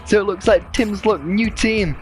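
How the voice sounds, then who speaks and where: A man with a high voice calls a sim race lap by lap, keen and quick, his voice getting strained. Music runs faintly under his commentary. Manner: excited, fast play-by-play. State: losing his voice.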